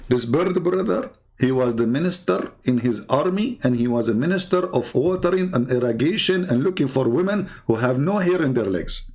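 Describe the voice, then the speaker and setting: A man tells stories with heavy sarcasm, and his voice swings widely in pitch as he talks. His pitch sits mid-range for a man. His English is casual and broken in places, and he often turns to the listener as "brother". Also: animated, moderate pace, few pauses, darkish tone, breathy edge. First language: Arabic. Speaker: religious debate channel host. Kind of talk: mocking storytelling commentary.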